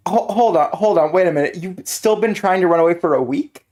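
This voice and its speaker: A woman playing a tabletop game, giggly and quick to laugh while chatting. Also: fairly low pitch, a little mellow. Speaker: player. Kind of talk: casual tabletop play.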